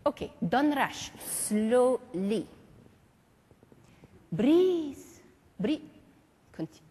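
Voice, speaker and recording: A woman's voice: fairly high pitch, big pitch swings, mellow, breathy edge, full character voice. A woman doing an exacting old French mime master. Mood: instructive. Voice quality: slow, precise, accented delivery with French words. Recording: long reverb of a large hall.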